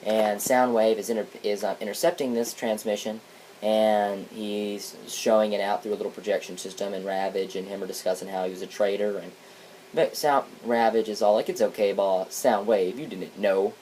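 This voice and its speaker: Guy casually reviewing a comic, kinda mellow low-key voice, lots of ums and restarts. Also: steady tone, moderate pace, slight background noise, poor audio. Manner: rambling, hesitant, frequent restarts and fillers.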